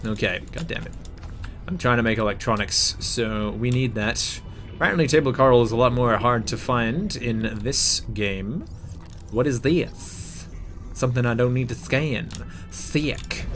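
A man's voice: medium pitch, moderate pace, slight background noise. A young man giving casual, jokey gameplay commentary, muttering to himself and yelping in panic as he plays. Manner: excitable, jokey, yelps and mutters while playing. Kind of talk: casual let's-play commentary.

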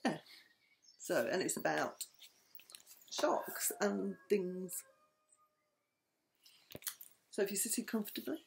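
An older woman, a grandmother, reading a bedtime story aloud in a gentle, soothing, sing-song way. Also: medium pitch, slow pace, vocal fry, pauses often, slight background noise.

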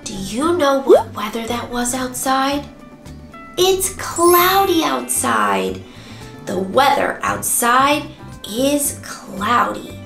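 A woman hosting a toddler circle-time lesson, speaking in an animated sing-song way with gasps and bits of song. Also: high voice, takes it slowly, gravelly. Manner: animated, exaggerated, gasping and singing. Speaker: preschool circle-time teacher. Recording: roomy sound with music behind.

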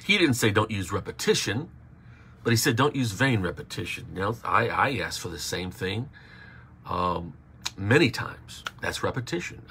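A man preaching to his congregation and online viewers. His voice is gravelly and a bit husky, with a forceful, bright edge. He drives his points home by repeating phrases and calling for the audience to answer back. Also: lowish voice. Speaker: pastor. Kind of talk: livestreamed sermon.

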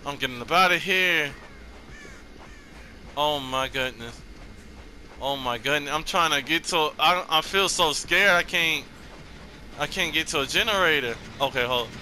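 A man hosting his gaming channel, giving casual gameplay commentary with loud, excitable, repeated exclamations. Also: on the high side, measured pace, long pauses, a little hiss or hum. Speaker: gaming YouTuber host.

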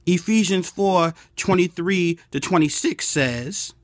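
A man's voice: fairly high pitch, moderate pace, dry recording. Upbeat man hosting a devotional vlog. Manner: upbeat, preachy, playful. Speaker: host.

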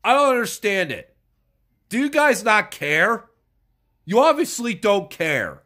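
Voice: medium pitch, big pitch swings, measured pace. An irate fan ranting and swearing about their team, sounding stuffed up from a cold. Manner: furious, yelling and swearing. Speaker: sports fan vlogger. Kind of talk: angry profane rant.

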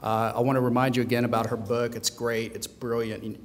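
Halting man host in an echoey hall. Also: mid-range voice, flat delivery. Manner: halting, with many uh and um. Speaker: event host introducing the speaker. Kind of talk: speaker introduction. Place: large meeting room. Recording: echoey hall with long reverb.

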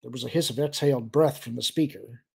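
Audiobook narration: a man with a gravelly, husky voice, steady storytelling. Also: mid-range voice, a little fast.

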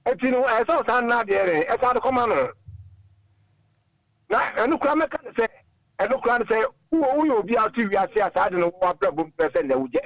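A man speaks in a high, gravelly voice as a caller on a radio talk show. His manner is earnest and moralizing, and the sound is dry and close, with no room around it. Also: a bit bright, dry recording, low-quality recording. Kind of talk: call-in radio chat.

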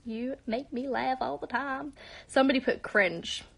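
High-voiced British young woman chatting to fans. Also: a little slow, creaky, fairly bright tone, husky. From born in Spain, raised in London. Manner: chatty and bubbly, often dropping to a whisper for asides. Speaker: live-stream host answering fans. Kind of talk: casual live-stream Q&A chat.

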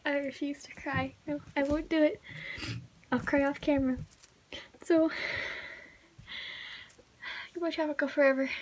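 A woman's voice: high voice, steady tone, normal speed, pauses often, darkish tone, a little hiss or hum, low-quality recording. A woman vlogger talking casually to her viewers, rambling with lots of "like" fillers. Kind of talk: casual vlog.

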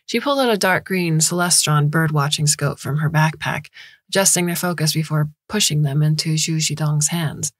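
A woman narrates a short story as a scripted audiobook reading, measured and steady. Her voice is low and slightly husky, and the recording is close and dry with no room sound. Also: no echo.

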